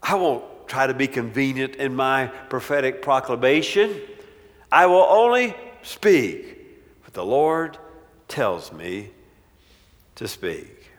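A preacher voicing a stubborn, honest prophet. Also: male voice, medium pitch, sing-song, slow, long reverb tail. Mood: resolute.

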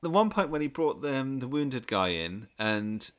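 Thoughtful man co-host, even-toned, measured opinions. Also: medium pitch, clear, resonant tone. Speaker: podcast co-host. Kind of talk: casual chat.

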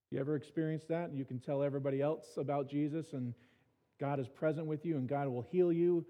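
A man's voice: medium pitch, warm tone. A male pastor preaching a sermon in a church, talking casually with dry, self-mocking humor and restarting his words often. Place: church sanctuary. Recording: reverberant church hall, dull sound.

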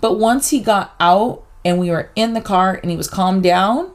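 A middle-aged woman co-hosting a podcast, telling a personal story in a casual, animated way and acting out the back-and-forth. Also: mid-range voice, normal speed. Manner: animated storyteller, acts out quoted exchanges. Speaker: podcast co-host.

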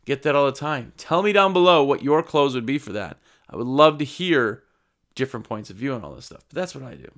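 Lively-voiced man giving sales tips. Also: mid-range voice, fairly quick. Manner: conversational, acts out customer exchanges. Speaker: window cleaning business owner. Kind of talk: casual sales advice talk to camera.

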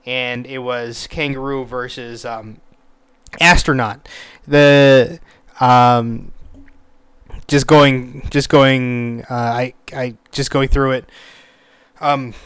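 A man's voice: mid-range voice, a bit bright, clear, resonant tone, no echo. A man talking casually about a TV show in a rambling rant, with many fillers and a lot of swearing when he gets worked up. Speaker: commentator on a TV show.

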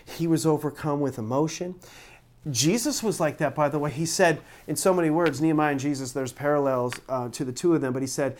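A man's voice: on the high side, fairly quick, darkish tone. A middle-aged man, a pastor preaching a sermon, telling personal stories in an earnest, emotional way with frequent restarts.

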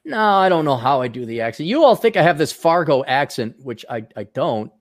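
A man co-hosting a podcast, reading viewer questions aloud and answering in a halting, casual way. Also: fairly high pitch, very animated, dry recording, clean studio sound. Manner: halting, restarts often, laughs easily. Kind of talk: casual chat.

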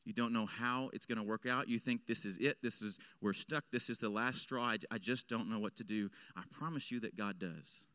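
A man preaching a sermon as pastor, swinging between loud emphatic lines and hushed low ones. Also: normal speed, hardly any pauses, dry recording. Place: church.

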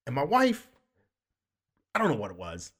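A man's voice: mid-range voice, wildly swooping pitch, normal speed, fairly bright tone, slightly rough. A man co-hosting a comedy podcast, telling rambling stories with frequent swearing and laughter. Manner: rambling storyteller, swears often, laughs a lot. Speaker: podcast co-host. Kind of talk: casual comedic chat.

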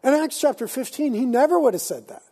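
A male pastor with a high-pitched voice and a husky, breathy edge, preaching in a lively, casual manner. His tone is mellow and dark rather than bright. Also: fast. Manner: animated, conversational preaching with casual slang. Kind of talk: sermon.

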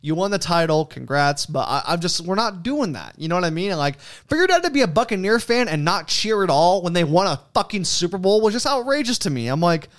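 A young man hosting a podcast, talking in a casual, rambling, profane way and telling animated stories. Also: sits high, a little fast, hardly any pauses. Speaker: podcast host. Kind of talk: casual chat.

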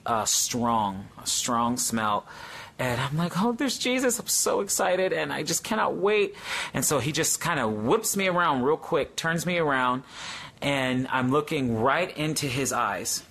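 A man's voice: mid-range voice, a bit bright. A man earnestly recounting a spiritual vision to viewers on a livestream, full of awe and frequent hesitations. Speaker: Christian speaker sharing a vision. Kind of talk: livestream testimony, answering viewers.

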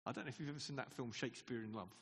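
Husky-voiced man preaching in a reverberant hall. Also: medium pitch, rapid-fire, a bit bright. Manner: conversational, asks the congregation questions, laughs often. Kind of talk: sermon. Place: church hall.

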